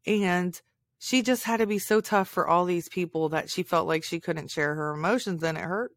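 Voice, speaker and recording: A woman hosts a podcast and tells a personal story with open, heartfelt emotion. Her voice sits a little low for a woman. The sound is close and dry, with no room echo. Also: moderate pace. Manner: emotional, heartfelt, tearful at times. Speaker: podcast host.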